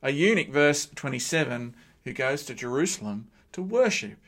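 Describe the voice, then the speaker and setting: A middle-aged man preaching a sermon, with lively joking asides to the congregation. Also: medium pitch, moderate pace.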